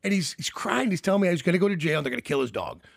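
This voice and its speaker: Gravelly animated man telling stories. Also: a little high, rapid-fire, no room sound, studio quality. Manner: animated, crude, self-mocking storyteller. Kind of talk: casual storytelling chat.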